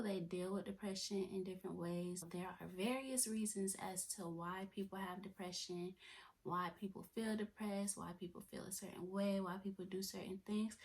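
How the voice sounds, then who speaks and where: Soft-spoken young woman, near whisper. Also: medium pitch, vocal fry. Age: 20s. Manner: chatty, repeats herself and restarts. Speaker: vlogger. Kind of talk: personal testimony vlog.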